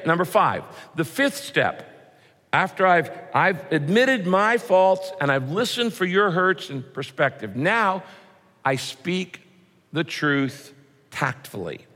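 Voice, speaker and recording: A male pastor preaching a sermon with a lively, swinging delivery and a voice sitting a bit high for a man. He throws in punchy rhymes and acts out mock quotes. The sound carries a long reverb, as if from a large church hall.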